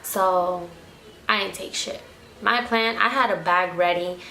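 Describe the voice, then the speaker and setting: A woman's voice: fairly low pitch, a little slow, faint music behind. A young woman vlogger casually recounting a story, swearing freely and acting out quotes, recorded on a camera mic at home. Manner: swears freely, animated retelling with acted quotes. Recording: echoey room, faint background noise.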